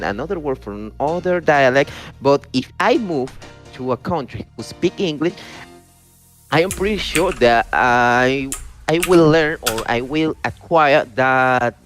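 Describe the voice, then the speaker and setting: A man learning English, speaking hesitantly on an online voice call and stopping often to search for words. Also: a little high. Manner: hesitant, searching for words, non-native phrasing. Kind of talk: casual group discussion.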